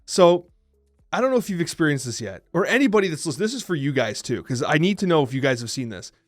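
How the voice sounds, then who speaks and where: Fast-talking man on a podcast. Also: on the high side, dry recording, studio quality, soft background music. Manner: animated storytelling, quick and talkative. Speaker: podcast co-host. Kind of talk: casual chat.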